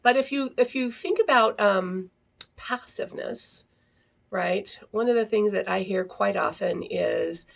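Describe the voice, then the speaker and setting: A woman hosts a parenting podcast in a medium-pitched voice with vocal fry and a measured pace. She explains in a casual teaching style, reads aloud from a book and often tags her points with "right?".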